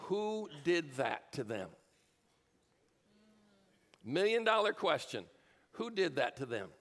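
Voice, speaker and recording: A man's voice: fairly high pitch, sing-song, slow pace, a bit bright. A man giving a motivational talk to a live audience in a large room, speaking into a handheld mic with punchy rhetorical questions. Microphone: handheld microphone.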